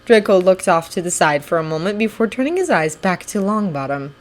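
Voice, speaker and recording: A woman reading fanfiction aloud in a steady, even audiobook narration. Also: fairly low pitch, fairly quick. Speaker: fanfiction reader.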